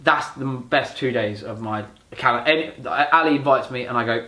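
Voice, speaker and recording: A man's voice: medium pitch, brisk. A man chatting as a podcast guest, telling stories animatedly and acting out the quoted dialogue. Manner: animated storyteller who acts out quoted dialogue. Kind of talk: casual podcast chat. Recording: roomy echoey recording.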